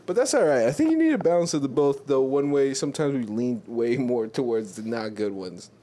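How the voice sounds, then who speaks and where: A man's voice: mid-range voice, sing-song, fairly quick, mellow, slight background noise. A young man co-hosting a podcast, laid-back and candid in casual chat. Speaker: podcast co-host.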